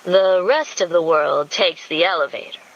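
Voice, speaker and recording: A woman doing a low-voiced teasing playboy. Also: moderate pace, muffled recording, close to an everyday voice. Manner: low murmuring, flat and teasing. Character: Reese, confident teasing male billionaire playboy.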